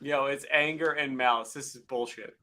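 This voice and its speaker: A man's voice: medium pitch, steady tone, moderate pace, pushed and bright. A tipsy man hosting a casual livestream chat, crude and swearing a lot. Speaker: livestream host. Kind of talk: casual drunk chat among friends.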